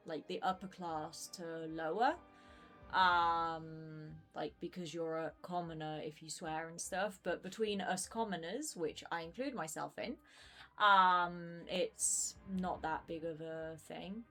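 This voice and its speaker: Woman in her twenties, game streamer, chatty and rambling, a slightly low voice. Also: bright, forceful tone. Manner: chatty, rambling, many fillers. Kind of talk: casual gaming stream chat.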